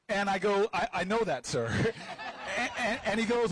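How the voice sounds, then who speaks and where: A middle-aged man telling a story at an outdoor rally, animated and playful with the crowd. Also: high-pitched, a little fast, poor audio. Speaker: senator. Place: outdoors on building steps.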